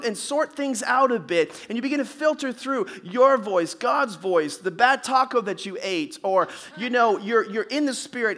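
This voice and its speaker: A man with a high-pitched voice delivers a sermon to his congregation. He keeps it conversational and throws questions out to the room. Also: sharp tone. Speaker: pastor.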